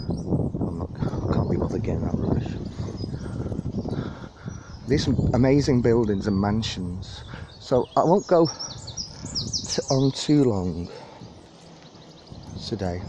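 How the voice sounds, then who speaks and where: Filming on a handheld phone, a male vlogger rambles self-deprecatingly through a casual walking tour of a park. His fairly low voice has lively intonation and a slow pace with long pauses, while wind and birdsong come through outdoors.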